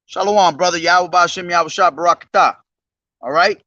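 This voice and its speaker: A man street preaching outdoors, reading scripture loudly and slowly, then breaking into profane, agitated ranting. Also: high-pitched, no echo, recorded from a distance, dull audio. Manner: profane, agitated ranting between loud declaimed verses.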